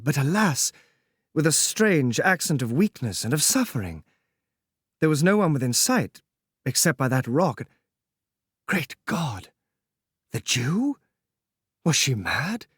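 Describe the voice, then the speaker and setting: A man narrating a classic novel in a measured, solemn reading. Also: on the high side, dry recording, studio quality. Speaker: audiobook narrator.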